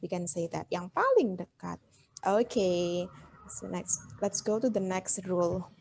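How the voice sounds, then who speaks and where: A woman's voice: lowish voice, expressive, unhurried, gravelly, a little mellow, a little hiss or hum. A young woman with an Indonesian accent teaching a grammar lesson. She switches between languages and coaxes answers with questions. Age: young adult. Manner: code-switching, coaxing questions to the class.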